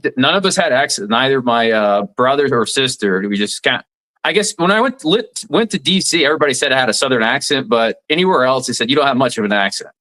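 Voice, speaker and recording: A man's voice: mid-range voice, animated, fast talker, bright, forceful tone, poor audio. Forty-something man explaining law plainly. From southeast Alabama, USA. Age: 40s. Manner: explanatory, many restarts, plain-spoken legal analysis. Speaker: radio commentator and former attorney. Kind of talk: casual interview conversation.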